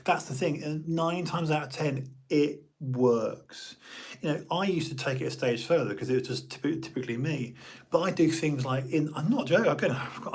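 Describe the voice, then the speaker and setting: Husky-voiced British man rambling on. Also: on the high side. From United Kingdom. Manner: chatty, animated, jokey, many restarts. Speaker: live streamer. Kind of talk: casual rambling monologue.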